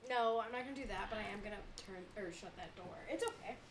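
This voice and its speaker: A woman's voice: mid-range voice, quick pace. A woman co-hosting a podcast, reacting often and expressively in a casual chat. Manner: expressive, frequent backchannel reactions. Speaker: podcast co-host.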